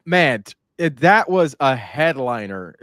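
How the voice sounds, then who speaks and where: Brief: mid-pitched man as the event organizer, relaxed and chuckling, dry close sound. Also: takes it slowly, no room sound. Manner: laughs easily, hesitant restarts while recalling details. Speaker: competition organizer and podcast host. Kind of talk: casual chat.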